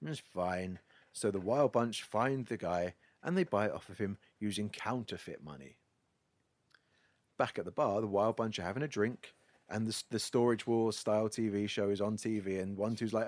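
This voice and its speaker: A man's voice: lowish voice, normal speed, a little mellow, no room sound. A man hosting a podcast, wryly recapping a film plot in a casual, storytelling way. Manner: wry, storytelling. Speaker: podcast host.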